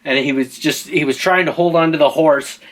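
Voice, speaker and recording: A man's voice: on the high side, fairly quick, background noise. A father telling an improvised choose-your-path story, playful and teasing, asking his listeners for choices.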